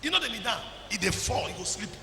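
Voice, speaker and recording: A man with a Nigerian accent preaching a sermon as pastor, calling people forward and shouting at the peaks. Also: high voice, big pitch swings, quick pace, vocal fry, reverberant, big-room sound, a little hiss or hum.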